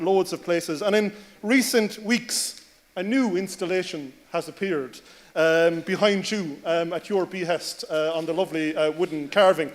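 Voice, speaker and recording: A man delivering a formal tribute speech, hesitant with frequent ums and uhs. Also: high-pitched. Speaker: speaker paying tribute.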